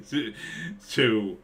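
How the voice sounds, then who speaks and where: Sarcastic rambling man, bright voice. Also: on the low side. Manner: rambling, sarcastic, reads chat names aloud. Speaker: live stream host. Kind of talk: casual live-stream commentary.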